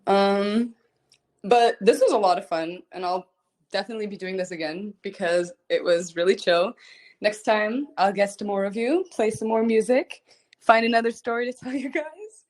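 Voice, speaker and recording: A young woman, a singer hosting a livestream, chatting casually and telling a story in an animated, rambling way, giggling often and repeating herself. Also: mid-range voice, normal speed. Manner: frequent giggling. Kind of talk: casual chat.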